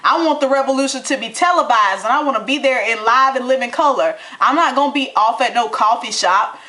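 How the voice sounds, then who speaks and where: A young adult woman in a casual, fired-up chat recapping a reality show, talking with animated indignation and folksy turns of phrase. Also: a little high, brisk. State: out of breath. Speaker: TV recap vlogger.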